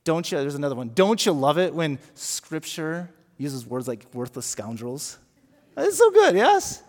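High-voiced male pastor preaching. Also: normal speed. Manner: conversational, repeats words, asks rhetorical questions. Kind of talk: sermon. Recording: echoey hall with long reverb.

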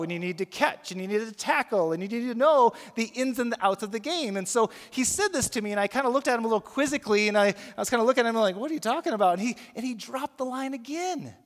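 A male pastor preaching a sermon, telling a story with frequent restarts and repeated words. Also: sits high. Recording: long reverb of a large hall.

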